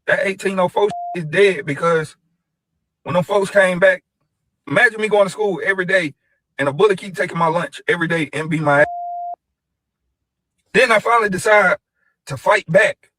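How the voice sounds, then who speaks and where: A man's voice: sits high, moderate pace, long pauses, pushed and bright, slight background noise, poor audio. A man, making a blunt, argumentative point through a story.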